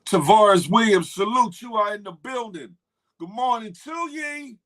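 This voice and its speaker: Man, high-pitched voice, slangy live-stream host, animated banter with viewers. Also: a little slow. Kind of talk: casual live-stream chat.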